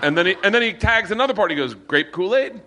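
A man hosting a live podcast, telling swearing, animated stories and acting out the voices of the people in them. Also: sits high, fast, heavy background noise. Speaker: comedian podcast host. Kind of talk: storytelling to a live audience. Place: bar with live audience.

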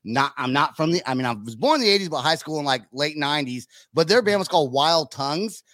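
A man's voice: a little high, expressive, quick pace, fairly bright tone, dry recording. A man in his thirties from California hosting a podcast, chatting casually with crude, profane jokes. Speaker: podcast host. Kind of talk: casual chat.

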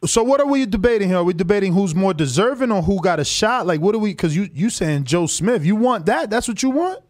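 Man, high voice, challenging host, dry close sound. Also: animated, a little mellow, no echo. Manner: challenging, rapid questions. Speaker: podcast host taking calls. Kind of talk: call-in boxing debate.

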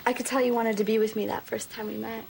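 A teasing seductress. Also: female voice, level tone, fast, vocal fry, a little mellow, slight background noise. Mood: seductive. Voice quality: teasing, low-key seductive. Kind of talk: film dialogue.

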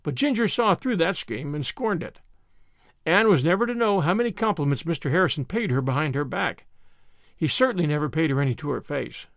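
Expressive male audiobook narrator. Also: fairly high pitch, gravelly, dry recording, studio quality. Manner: expressive, measured storytelling. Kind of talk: audiobook reading of a classic novel.

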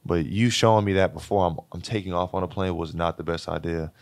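Young man, very deep voice, animated storyteller, laughing, dry close sound. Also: a little fast, no echo. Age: 20s. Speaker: guest, college basketball player. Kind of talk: casual storytelling interview.

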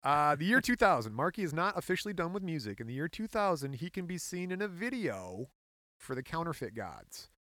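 A man's voice: a little high, a little fast, dry recording, clean studio sound. A young adult man co-hosting a podcast, casually telling stories and joking with his co-host. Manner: lively, playful storyteller. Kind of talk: casual chat.

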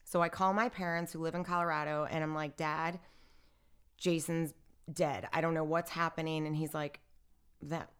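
Animated woman retelling a story. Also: deep voice, brisk, clean tone. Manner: animated retelling, acts out what others said; filler-heavy, lots of "like" and "I'm like". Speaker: interview guest. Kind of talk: personal storytelling in casual conversation.

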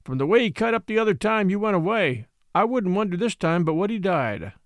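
A man's voice: high voice, sing-song, a little fast, no echo. A man voicing a dry, wry middle-aged dog musher who needles his companion innocently.

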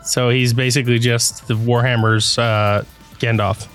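A man's voice: mid-range voice, measured pace, soft background music. A man co-hosting a casual podcast, reacting with disbelief and laughter to his co-host. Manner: incredulous, laughing, animated. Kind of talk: casual chat.

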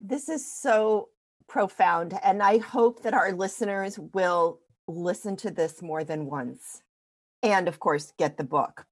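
A woman podcast co-host speaking in a slow, measured, reflective way. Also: medium pitch.

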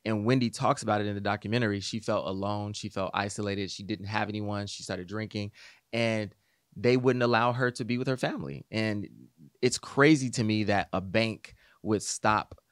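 A man co-hosting a casual podcast discussion, giving an earnest, measured opinion. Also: fairly low pitch, dry recording, clean studio sound.

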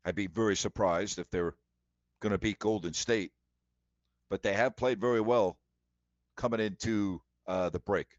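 A man's voice: lowish voice, normal speed, long pauses, no room sound, muffled recording. A man hosting a sports talk show, giving emphatic, indignant commentary and repeating his points.

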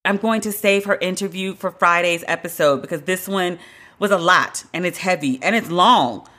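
A solo podcast host riffs on celebrity news with a bright, forceful voice. The delivery is emphatic and dramatic, full of slang, swearing and long exclamations. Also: mid-range voice, normal speed.

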